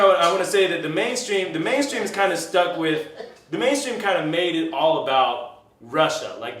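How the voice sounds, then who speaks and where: A man's voice: fairly high pitch, a bit bright. A man hosting a comedic mock-news show as anchor and bartender, rambling and swearing loosely while making drinks. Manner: rambling, profane, loose and joking. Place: bar. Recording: roomy, distant mic, faint noise.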